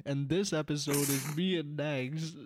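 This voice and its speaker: A man's voice: fairly high pitch, steady tone, a little hiss or hum. A man hosting a podcast in casual, joking chat with friends. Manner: quick, joking. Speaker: podcast host.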